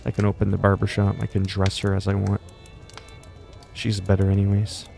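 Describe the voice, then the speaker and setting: A man's voice: low-pitched, completely flat delivery, fairly quick, gravelly, warm tone. A man casually commenting while streaming a strategy game, brash and profane, slipping into mock-regal lines. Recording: faint game music behind.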